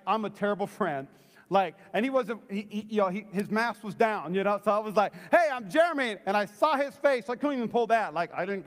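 A man's voice: high voice, big-room sound. A middle-aged man preaching a sermon as pastor, acting out the voices of people in the story. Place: church sanctuary.

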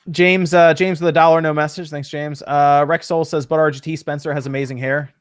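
A man's voice: fairly high pitch, little pitch movement, clean tone. A man hosting a casual gaming talk show, reading out viewer messages and giving his opinions. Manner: quick, upbeat, reads out chat questions.

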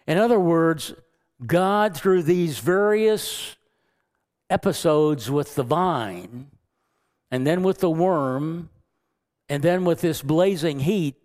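Slow-speaking male pastor preaching. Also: on the high side, darkish tone. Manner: earnest, chuckles often, acts out God's lines. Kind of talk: sermon.

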